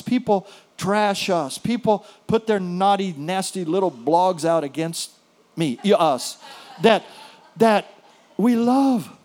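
A man preaching a sermon as a pastor, telling a story with hushed, soft passages and sudden louder bursts. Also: high voice.

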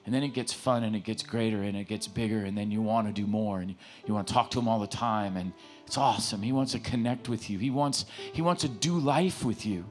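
A man's voice: lowish voice, fairly quick, faint music behind. A pastor giving an impassioned sermon and leading a prayer, repeating himself and restarting words as he pleads with the congregation. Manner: impassioned, repetitive, stammering restarts. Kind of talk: sermon with altar call and prayer. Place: church sanctuary.

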